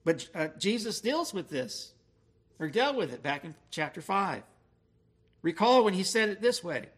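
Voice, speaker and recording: A man preaching an expository sermon, slowing down to stress key words. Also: high-pitched, very animated, fairly bright tone, slightly rough. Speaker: pastor.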